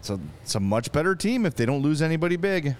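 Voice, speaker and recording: A married man co-hosting a sports podcast, chatting casually and reeling off player names in lively stories. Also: on the high side, quick pace, a little hiss or hum. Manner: lively storyteller who rattles off player names. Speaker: podcast co-host.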